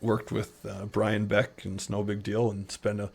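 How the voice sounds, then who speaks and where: A middle-aged man with a Utah American accent, telling rambling anecdotes in a relaxed interview, slipping into playful quoted voices. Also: fairly low pitch, unhurried, creaky, slightly rough. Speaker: podcast guest. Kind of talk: casual storytelling interview.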